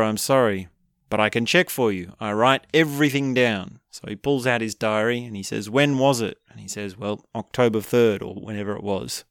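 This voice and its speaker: Animated man recapping a film. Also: on the low side, creaky, no room sound, clean studio sound. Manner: animated storytelling, acting out quoted lines with chuckles. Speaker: film reviewer. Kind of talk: casual spoken film recap.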